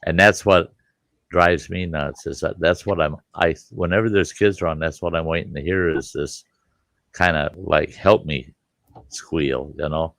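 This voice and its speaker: A man's voice: a bass voice, steady tone, a little slow, gravelly, a bit bright, no room sound. A man hosting a casual group chat, talking earnestly and often repeating words as he starts a thought. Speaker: host.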